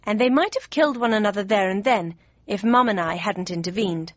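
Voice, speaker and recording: A woman's voice: medium pitch, brisk, no echo. Woman reading a novel aloud, mid voice, kinda muffled dry recording. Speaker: audiobook narrator. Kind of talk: scripted first-person narration. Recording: dry, slightly dull studio read.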